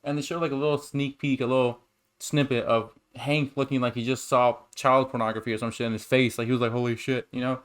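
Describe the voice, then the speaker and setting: Young man, casual podcast chat, excitable, cursing, rambling stories. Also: mid-range voice, quick pace. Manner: profane, excitable, rambling storytelling. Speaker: podcast co-host.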